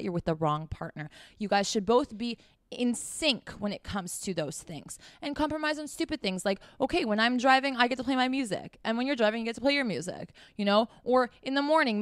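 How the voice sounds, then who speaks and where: Woman podcast host, middle pitch, smooth and clear voice, dry close sound; blunt, profane, emphatic advice delivery. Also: no echo. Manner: direct, talks straight to the listener with repeated "okay?". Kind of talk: casual advice monologue.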